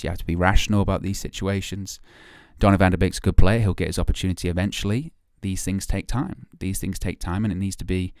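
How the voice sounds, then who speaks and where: A man doing an impression of a calm, serious, rational man who talks in a measured, soothing, lecturing way. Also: deep voice, no echo, clean studio sound, voice pushed down, natural voice.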